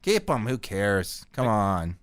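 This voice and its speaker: A middle-aged man from Canada hosting a podcast, telling rambling stories in a crude, deadpan comic way. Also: fairly low pitch, takes it slowly, clean tone, no echo, clean studio sound. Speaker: podcast host. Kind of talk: casual profane storytelling.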